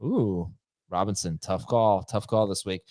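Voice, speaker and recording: A man hosting a casual sports podcast panel, reading out listener questions and arguing his points in a brisk, upbeat way. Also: deep voice, dark tone, dry recording.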